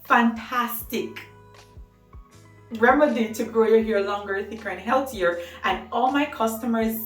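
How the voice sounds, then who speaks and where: A woman with a fairly high voice talks to camera about hair care at an unhurried pace, chatty, enthusiastic, and often laughing. The recording has a roomy echo, a distant mic, and faint music.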